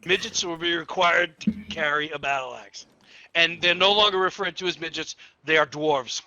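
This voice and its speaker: A man's voice: fairly high pitch, normal speed, sharp tone, highs cut off. A man chatting casually while gaming, rambling through crude stories and laughing at his own jokes. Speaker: player telling stories.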